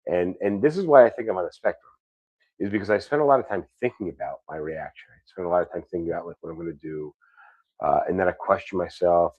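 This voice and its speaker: A man's voice: low voice, no room sound, narrow, tinny audio. A man in his thirties with a New York accent, hosting a casual chat, rambling with repeated words and casual swearing. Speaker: podcast host.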